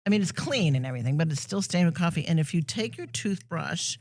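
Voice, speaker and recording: A woman from New England co-hosting a podcast, chatty and quick to laugh. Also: fairly low pitch, animated, a little mellow. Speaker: podcast co-host. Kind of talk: casual podcast chat.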